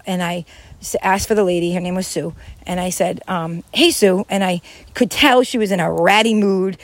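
A woman's voice: mid-range voice, no room sound. A woman giving a casual motivational talk to camera, emphatic and repetitive, often acting out little scenes in quoted voices. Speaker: life skills vlogger.

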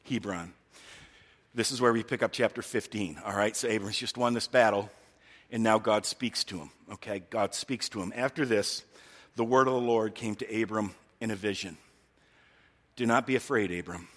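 A man's voice: medium pitch, fairly bright tone, big-room sound. A male pastor giving a conversational sermon, often checking in with his listeners. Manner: talky, keeps checking in with the listeners.

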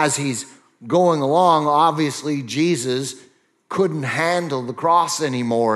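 Slow, measured male pastor preaching. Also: medium pitch. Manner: measured, reads scripture aloud and explains it. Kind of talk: sermon.

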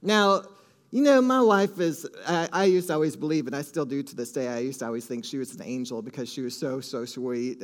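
A man preaching a sermon, telling a story with lively swings between hushed asides and loud excited exclamations, calling out to the congregation. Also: medium pitch. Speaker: pastor. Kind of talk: sermon with audience call-and-response.

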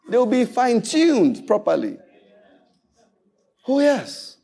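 A man preaching an animated sermon as pastor, playfully mimicking people and repeating declarations. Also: sits high, measured pace, breathy edge.

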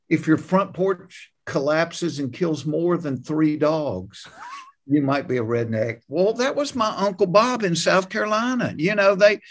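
A man from Georgia with a Southern US accent, a comedian guest telling stories in a plainspoken, folksy way during a casual interview. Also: a little high. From Georgia, USA. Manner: folksy, plainspoken, animated anecdotes.

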